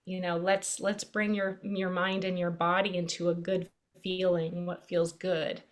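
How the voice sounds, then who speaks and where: A middle-aged woman, a pediatric neurologist, explaining a calming technique in a gentle, storytelling way during an interview. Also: fairly low pitch, measured pace. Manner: gentle, storytelling, drops to a soft hush. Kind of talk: conversational interview.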